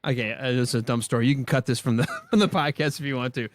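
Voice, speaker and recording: A man who hosts a podcast, telling a boot camp story in casual chat with a profane, animated manner. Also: medium pitch, fast talker. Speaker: podcast host.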